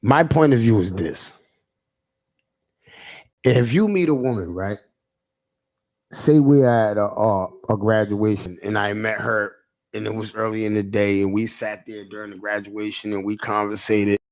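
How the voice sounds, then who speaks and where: A man's voice: fairly low pitch, steady tone, unhurried, long pauses, darkish tone. A man hosting a livestream, rambling in a casual rant, stammering and restarting as he answers chat comments. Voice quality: gravelly. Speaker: livestream host.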